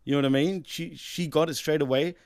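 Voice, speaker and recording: A man co-hosting a casual wrestling podcast, chatty and quick to laugh, often saying "let's be honest". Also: fairly high pitch, steady tone, darkish tone, dry recording, clean studio sound. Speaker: podcast co-host.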